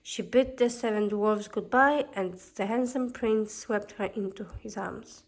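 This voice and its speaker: A woman narrating a fairy tale as a calm storybook reading. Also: medium pitch, a little slow.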